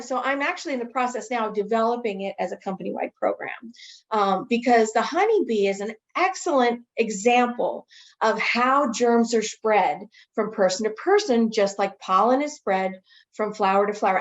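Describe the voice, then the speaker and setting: A woman training others in infection prevention, answering a webinar question as an enthusiastic, animated storyteller. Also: on the high side, lo-fi sound.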